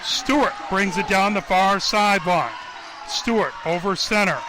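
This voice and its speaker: A man calling a basketball game play-by-play for radio, naming each pass in a rapid running call and getting louder at scores. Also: high-pitched, a crowd in the background, background noise.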